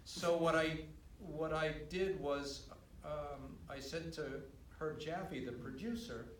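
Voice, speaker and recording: An older man, a writer-director on a film panel, recounting production stories in a measured, dry way at a screening Q&A. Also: on the high side, slight background noise. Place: cinema auditorium. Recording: roomy, distant from the mic.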